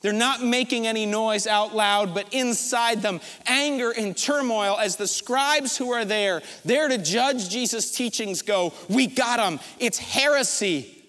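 A pastor with a notably high voice tells a story from the pulpit, building it up in vivid detail with dramatic pauses. His words carry a long reverb from the large church hall around him. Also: a bit bright. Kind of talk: sermon.

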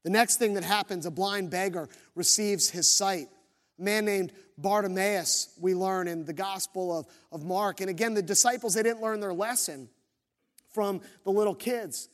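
A man preaching a sermon as pastor, telling the story with lively, acted-out quotes. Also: high-pitched, moderate pace. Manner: animated storytelling, acts out quoted voices.

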